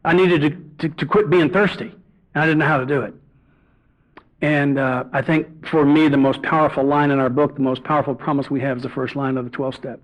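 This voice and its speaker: A man's voice: medium pitch, steady tone, fairly quick. A middle-aged man giving a personal testimony at a recovery meeting, earnest and confessional, bantering with the audience in the room. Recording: dull lo-fi tape recording.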